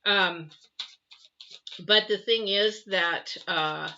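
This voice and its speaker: A woman's voice: mid-range voice, very slow, pushed and bright, a little hiss or hum. A woman giving a casual spoken tarot reading, rambling through advice with many fillers. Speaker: tarot reader. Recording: dull lo-fi audio.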